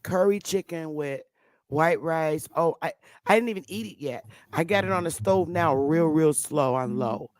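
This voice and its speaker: A woman's voice: sits low, moderate pace, no echo. Woman streamer, combative and profane, casual rant, dry close sound. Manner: profane, combative, loud outbursts. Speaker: livestream host. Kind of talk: heated casual livestream rant.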